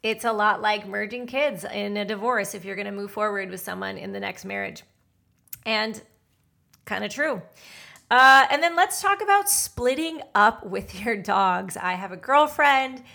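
Feisty, gravelly woman matchmaker. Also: on the high side, bright, forceful tone. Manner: feisty, blunt and chatty. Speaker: matchmaker and podcast host. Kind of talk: casual advice monologue.

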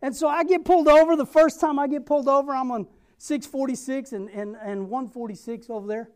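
A young man preaching a sermon, telling a personal story and acting out the dialogue with lively energy. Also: very high-pitched, brisk, clean tone. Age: young adult. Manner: repeats a rallying question.

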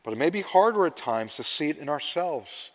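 A man's voice: a little high, big pitch swings, a little fast. Preaching man, reverberant hall. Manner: storytelling preacher, swings between loud emphasis and hushed asides. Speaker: pastor. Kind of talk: sermon. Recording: long reverb of a large hall.

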